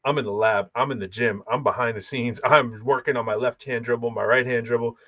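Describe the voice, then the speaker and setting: A man co-hosting a podcast, talking in an animated, emphatic way and repeating phrases for effect. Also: medium pitch, a little fast, no echo. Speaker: podcast co-host. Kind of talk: casual chat.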